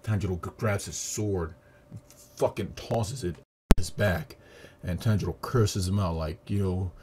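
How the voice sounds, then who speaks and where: A man giving a casual, profane, animated review of a movie he just saw. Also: sits low, a little slow. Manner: profane, animated retelling with acted quotes. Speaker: video reviewer. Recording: audio static.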